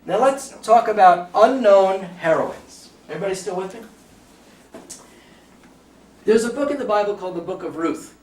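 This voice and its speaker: A man's voice: high-pitched, lively intonation, normal speed, long pauses. A middle-aged man with a Bronx accent giving a chatty, joking talk to a live audience. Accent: New York (Bronx). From the Bronx, New York. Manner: chatty, jokey storyteller with audience asides. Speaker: lecturer. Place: lecture room. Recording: roomy sound, from far off, faint background noise.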